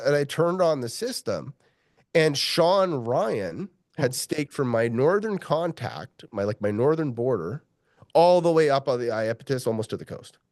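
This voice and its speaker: A man's voice: medium pitch, a little slow, no echo, studio quality. A middle-aged man, a mining geologist, telling a long story in an interview, swearing freely and acting out the voices of the people he quotes. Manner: profane, animated, acts out quoted voices.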